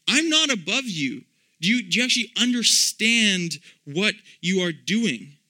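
A man's voice: high voice, very animated, unhurried, pushed and bright, pitched above the performer's own voice, full character voice. A man voicing the disciple Peter as an impassioned, pleading adult man. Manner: pleading, incredulous.

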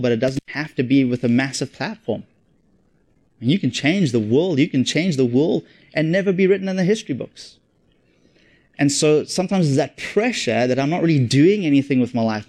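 A man's voice: medium pitch, darkish tone. A man with a South African accent preaching a sermon in an earnest, conversational way, often repeating and restarting his phrases. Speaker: pastor.

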